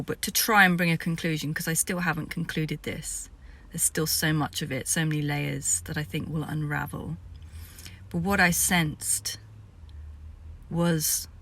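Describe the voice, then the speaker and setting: A woman's voice: lowish voice, fairly bright tone. A woman, a spiritual vlogger, telling the story of a vision in a rambling way that sometimes drops to a whisper.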